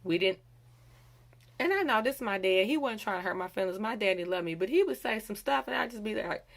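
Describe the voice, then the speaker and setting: A woman giving a casual devotional talk, animated and acting out quoted voices. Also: mid-range voice, brisk, creaky. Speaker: bible study teacher.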